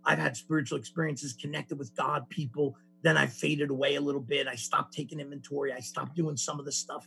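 A man sharing a personal recovery story at a meeting, animated and acting out the voices of the people in it, with many restarts. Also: mid-range voice. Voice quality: gravelly, husky voice. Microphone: call audio.

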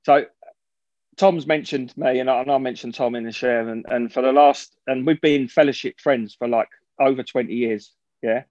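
A man's voice: mid-range voice, fairly even intonation, normal speed, a little mellow, no room sound. Guy rambling through a share at a meeting, swears a lot, dry dull sound. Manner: rambling, frank, swears, many restarts. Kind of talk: personal share at a recovery meeting.

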